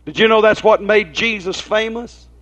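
A man preaches in a high voice with fairly even intonation, a fairly bright tone and normal speed. His folksy sermon mixes homespun stories with rhetorical questions to the audience, captured in dull lo-fi sound.

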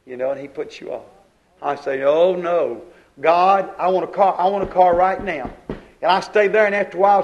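A man preaching a sermon, acting out prayers and conversations and swinging between loud exclamations and low asides. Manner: acts out quoted prayers and dialogues.

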